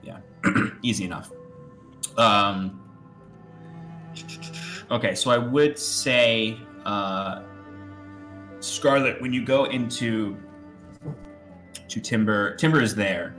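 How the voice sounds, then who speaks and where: A man's voice: lowish voice, takes it slowly, pauses often, fairly bright tone, faint music behind. A man running a tabletop game as game master, loose and full of fillers. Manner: loose, filler-heavy, laughing often.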